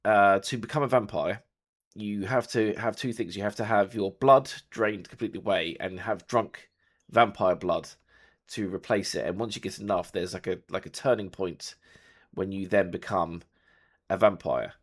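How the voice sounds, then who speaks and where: A man's voice: on the low side, moderate pace. A man acting as game master, explaining rules and scenes loosely with many fillers. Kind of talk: narrating a tabletop game.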